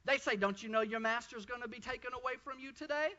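A male preacher delivering a fervent sermon, often breaking into shouts of praise. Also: very high-pitched, fast, lo-fi sound. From Texas.

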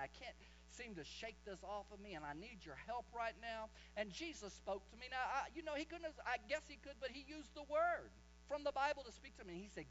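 A man preaching a sermon, impassioned, slowing down and swelling his voice for emphasis. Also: very high voice, expressive, fairly bright tone, lo-fi sound, a little hiss or hum.

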